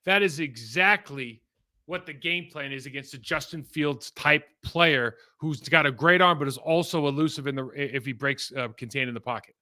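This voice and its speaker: A middle-aged man casually breaking down football game film, animated and rambling with frequent asides. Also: on the high side, normal speed.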